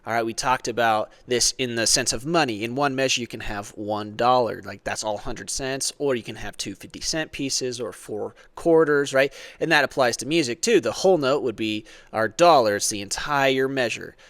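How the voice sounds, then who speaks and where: A man's voice: medium pitch, moderate pace, hardly any pauses, fairly bright tone, no echo. A man teaching a church music lesson, explaining patiently, counting beats aloud, and often asking "right?". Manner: conversational, frequent "right?".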